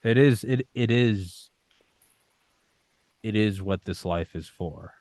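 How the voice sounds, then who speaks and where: A man's voice: on the low side, slow, darkish tone, dry recording. A young man talking in a casual interview, intense and swearing, acting out his own panicked thoughts. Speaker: podcast guest.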